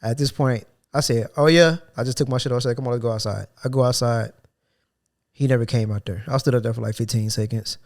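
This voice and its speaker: A man's voice: medium pitch, steady tone, fast, gravelly, a little mellow. A young man hosting a podcast, telling a work story in loose slang and acting out his coworkers' lines. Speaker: podcast host. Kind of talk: casual storytelling chat.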